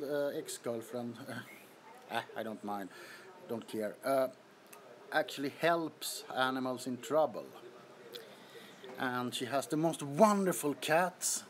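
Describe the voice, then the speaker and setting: A man's voice: medium pitch, takes it slowly, long pauses. A man chatting casually on a livestream from an apartment, greeting viewers and laughing often, recorded on a phone. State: sweaty from heat. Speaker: livestream host. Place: apartment bedroom.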